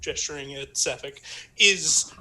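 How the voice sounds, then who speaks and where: A man's voice: a little high, measured pace, bright, forceful tone. A man playing a tabletop game, speaking sarcastically and swearing freely. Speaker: player.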